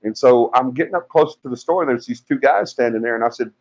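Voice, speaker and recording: A man's voice: mid-range voice, quick pace, lo-fi sound. A man telling a story casually on a live stream, full of fillers and acted-out quotes. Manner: animated storyteller, acts out quoted voices, many fillers. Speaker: paranormal investigation team member on a live stream.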